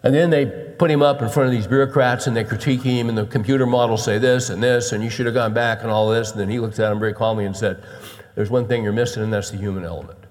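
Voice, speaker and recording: A middle-aged male pastor telling a story from the pulpit, with a voice pitched right in the middle for a man. He swings from loud, excited bursts down to hushed, weighty emphasis, and his words trail off into the long echo of a big church hall. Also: fast talker, hardly any pauses. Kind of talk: storytelling sermon. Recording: long reverb of a large hall.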